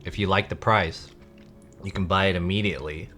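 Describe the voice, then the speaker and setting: A man's voice: deep voice, a little fast, sharp tone, faint music behind. A man live-streaming and chatting casually with viewers, rambling with many "like" fillers.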